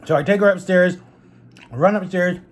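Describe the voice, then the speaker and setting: Young male vlogger, husky and slightly high, casual animated storyteller talking to camera. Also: normal speed. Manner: chatty, animated retelling with quoted voices. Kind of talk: casual storytelling while eating.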